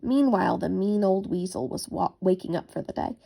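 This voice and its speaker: A woman reading a children's bedtime story aloud in a gentle, expressive storytelling manner. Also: lowish voice, brisk, creaky.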